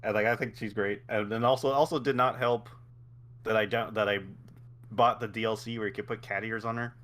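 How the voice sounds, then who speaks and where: A man's voice: fairly low pitch, fairly even intonation, a little fast, a bit bright. A man co-hosting a casual podcast chat, laughing often and restarting his sentences. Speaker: podcast co-host.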